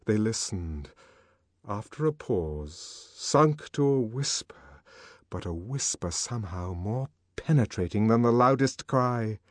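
A man reading fiction aloud as a narrator, in a dramatic, expressive manner. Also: fairly low pitch, slow pace, no echo, clean studio sound. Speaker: audiobook narrator. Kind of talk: scripted narration.

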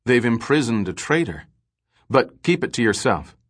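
A man's voice: mid-range voice, sing-song, moderate pace, husky. A man voicing a weary, gloomy male space trader who talks in clipped, wry remarks. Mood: guarded.

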